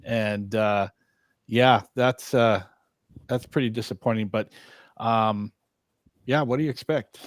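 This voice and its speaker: A man's voice: on the low side, slow, pauses often, no echo, clean studio sound. A man hosting a casual talk show over a video call, easygoing and trailing off with fillers and chuckles. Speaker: show host.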